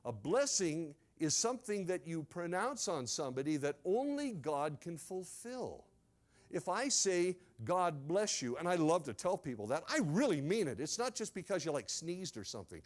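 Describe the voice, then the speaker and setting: Male pastor, high voice, animated first-person sermon storytelling. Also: moderate pace.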